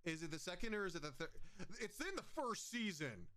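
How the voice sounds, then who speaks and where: A man's voice: high-pitched, very animated, fairly quick, pushed and bright. A man hosting a casual chat, rambling and laughing often as he talks. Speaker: podcast host.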